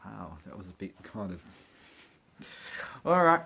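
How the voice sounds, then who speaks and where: Leafing through an old magazine, a male vlogger makes casual, chatty conversation full of jokes and giggles to himself. His voice is fairly low and creaky with a sharp tone and a sing-song lilt, his pace is measured, and the recording sounds muffled.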